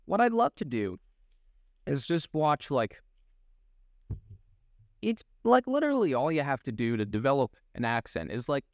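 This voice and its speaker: This young adult man, a voice actor and podcast co-host, wanders through anecdotes in a casual comedic conversation, animated and often breaking into laughter. He speaks in a mid-range voice, captured at studio quality with no echo.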